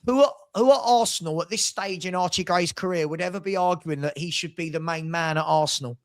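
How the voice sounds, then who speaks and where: Ranting football fan host. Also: male voice, on the high side, a little fast. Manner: ranting, exasperated. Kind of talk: casual football fan chat.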